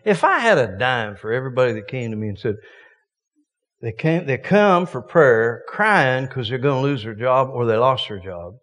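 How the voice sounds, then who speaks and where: Folksy, lively preacher in a reverberant hall. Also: male voice, medium pitch, normal speed. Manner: folksy, joking, emphatic. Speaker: visiting preacher. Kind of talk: sermon.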